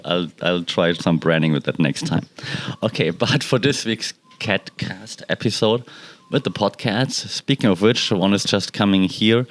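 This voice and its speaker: A man's voice: lowish voice, no room sound. A man hosting a casual solo podcast from his balcony, rambling and stopping to talk to his cats. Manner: relaxed, rambling, talks to his cats mid-sentence. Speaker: podcast host and cat owner. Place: balcony at home.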